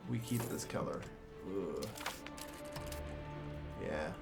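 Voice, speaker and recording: A young man streaming a strategy game, ranting and swearing in loud exasperated bursts, then muttering to himself. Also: low voice, animated, drawn-out words, gravelly, over loud music. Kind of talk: casual game stream commentary.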